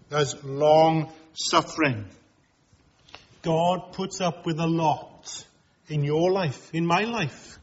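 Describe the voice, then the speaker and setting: A man's voice: fairly high pitch, husky, highs cut off. A man preaching a sermon, speaking earnestly and appealing directly to his congregation.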